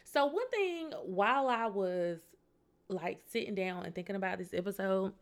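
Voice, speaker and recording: A woman's voice: medium pitch, animated, normal speed. A woman, hosting a casual podcast, reading a story aloud, chatting and laughing often. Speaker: podcast host.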